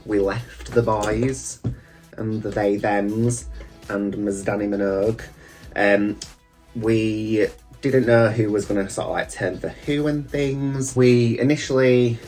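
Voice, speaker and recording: A man's voice: on the low side, steady tone, slow pace, a little mellow, faint music behind. A man, a drag queen, chatting casually and campily with rambling asides as he reviews a TV show while getting ready at a mirror. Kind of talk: casual reaction chat.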